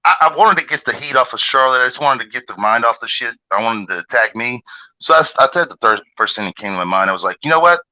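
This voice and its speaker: A man with a very bright, cutting voice tells a story in profane, rambling livestream chat. When he gets outraged his pitch jumps sharply. His talk is loose and full of filler. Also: fast talker, low-quality recording.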